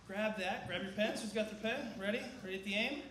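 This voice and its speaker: Give me a high-voiced, energetic man calling out church announcements and quizzing the crowd. He is getting over a cough. It is recorded in an echoey sanctuary with a faint hum of ambience behind. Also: fast talker. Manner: energetic, asks the crowd questions.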